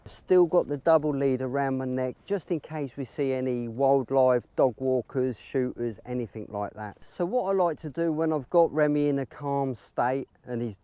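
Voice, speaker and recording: A man leads a dog-training lesson out in an open field, talking through each step in a calm, instructive way. His voice is warm and mellow, and it jumps up high and excited whenever he praises the dog. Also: normal speed, hardly any pauses, clean tone, dry recording. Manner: explains steps calmly, breaks into high excited praise for the dog. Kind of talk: outdoor training demonstration.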